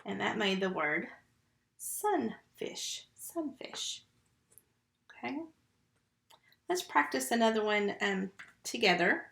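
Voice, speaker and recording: A woman's voice: mid-range voice, expressive, a little slow, gravelly, pauses often, fairly bright tone. A woman teaching a first grade phonics lesson from home, patiently sounding out letters and syllables one by one into a computer mic. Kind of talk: recorded phonics lesson for young children. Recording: echoey room.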